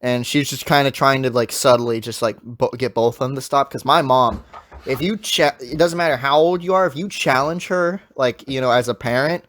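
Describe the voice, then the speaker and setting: A man's voice: medium pitch, normal speed, a bit bright. A young man, a podcast co-host, telling a long story in casual chat, rambling and swearing a lot.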